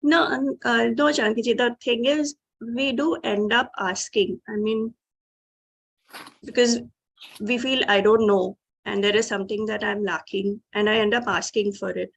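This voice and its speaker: A woman's voice: on the high side, steady tone, moderate pace, gravelly, fairly bright tone, husky. A woman, a student asking her teacher a question, hesitant and searching for words.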